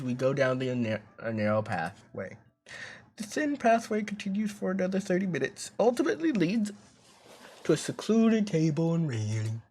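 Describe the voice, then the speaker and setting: A man's voice: on the high side, sing-song, moderate pace, darkish tone, breathy edge, faint music behind. Casual man reading a story game aloud. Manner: casual, stumbles over words and jokes between lines. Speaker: streamer. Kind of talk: reading a visual novel aloud.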